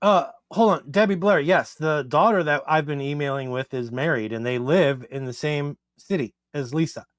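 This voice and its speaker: A man's voice: a little high, moderate pace, few pauses, no echo, clean studio sound. A man co-hosting a livestream, chiming in with joking, teasing asides in casual chat. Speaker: livestream co-host.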